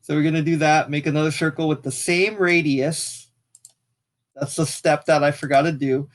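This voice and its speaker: A young man with a fairly high voice walks through a geometry tutorial in a loose, casual way. He talks as he clicks through the software and pauses to apologize for small slips, speaking into a desk mic at his computer. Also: fairly even intonation. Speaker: math tutor. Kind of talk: screen-recorded software tutorial.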